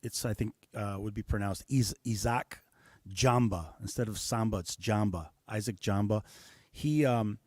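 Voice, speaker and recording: A man from the United States, a guest musician talking in a relaxed interview, thoughtful and pausing often with fillers. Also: on the low side, dry recording. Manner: thoughtful, many hesitations and fillers. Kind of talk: casual interview talk.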